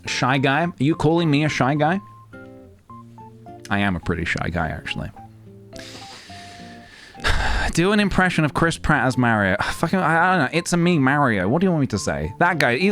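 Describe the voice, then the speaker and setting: A man's voice: medium pitch, very animated, fairly quick, pauses often, a bit bright, soft background music. A man streaming a game, chatting casually and self-deprecatingly while thanking viewers. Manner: rambling, self-deprecating, thanks chat, reads game text aloud. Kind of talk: casual live-stream chat.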